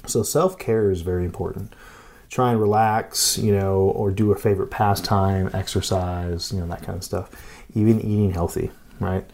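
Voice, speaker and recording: A man co-hosting a podcast in casual chat, relaxed and often tagging "right?" with plenty of fillers. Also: low-pitched, moderate pace, vocal fry. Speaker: podcast co-host.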